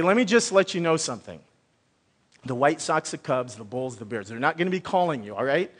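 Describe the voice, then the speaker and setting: A man preaching a Sunday sermon as pastor, talking in a loose, conversational way with many restarts. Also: on the high side. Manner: conversational, animated, thinks out loud with restarts. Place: church sanctuary. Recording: long reverb of a large hall.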